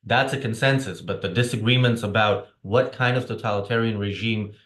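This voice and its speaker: A jet-lagged man co-hosting a casual political discussion, speaking haltingly and restarting often. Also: on the low side, fairly bright tone. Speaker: podcast co-host. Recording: roomy echo.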